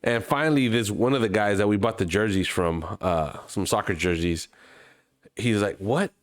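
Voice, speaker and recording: A man from Mexico, co-hosting a podcast, telling a travel story with lively acted-out voices and plenty of swearing. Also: on the low side, normal speed, no room sound, studio quality. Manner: animated storyteller, acts out other people's voices, swears freely. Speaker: podcast co-host. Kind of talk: casual chat, storytelling.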